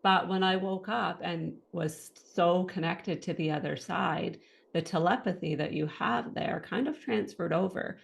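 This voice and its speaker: A woman in her thirties tells her own story to an interviewer, acting out the lines of the people around her. Her voice sits low and carries heavy vocal fry. She talks in a casual, personal way. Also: a little slow. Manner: animated storytelling, acting out what others said and thought. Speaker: interview guest.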